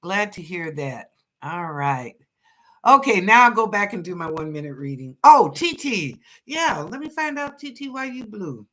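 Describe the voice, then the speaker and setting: A psychic reader hosting a live show, giving quick readings to viewers in a folksy, chatty, reassuring way and laughing often. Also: mid-range voice, very animated, a bit bright.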